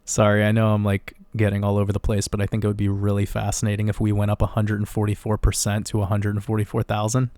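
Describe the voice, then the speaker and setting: A man giving a casual, rambling crypto chart analysis, getting excited and swearing now and then. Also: fairly low pitch, fast talker, few pauses, no room sound. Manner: excitable, rambling, swears, laughs at own numbers.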